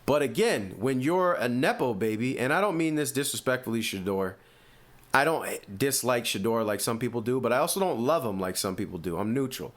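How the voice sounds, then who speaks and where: A man with an East Coast American accent hosting a sports podcast, giving opinionated, animated commentary full of rhetorical questions. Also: medium pitch, fairly quick. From US Northeast.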